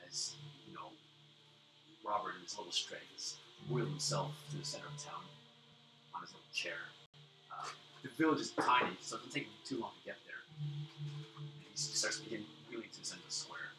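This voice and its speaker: A man's voice: lowish voice, fairly quick, long pauses. A man narrating a tabletop game as game master, loose and descriptive, with fillers. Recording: roomy room, distant mic, background music.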